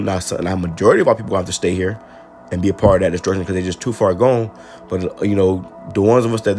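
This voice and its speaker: A man giving an informal sermon who reads Bible verses slowly and then explains them in casual slang, with many stammered restarts. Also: fairly low pitch, darkish tone. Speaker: preacher. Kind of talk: informal scripture-reading sermon.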